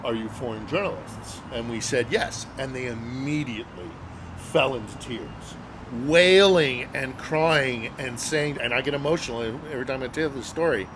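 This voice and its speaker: A man's voice: mid-range voice, background noise. A middle-aged man, a journalist guest, telling a story casually and earnestly, with many fillers and hesitations.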